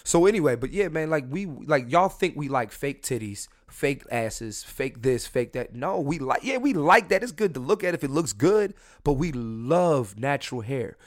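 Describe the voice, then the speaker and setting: A man's voice: medium pitch, sing-song, normal speed, few pauses. A young man hosting a solo podcast, talking in a crude, rambling, jokey way with lots of swearing and restarts. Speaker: podcast host.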